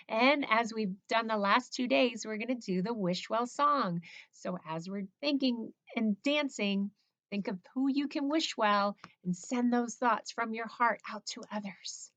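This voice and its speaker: A woman's voice: fairly high pitch, measured pace, a bit bright, no room sound. A woman teacher leading children through a morning routine in an encouraging, sing-song, playful way. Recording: slightly dull lo-fi recording.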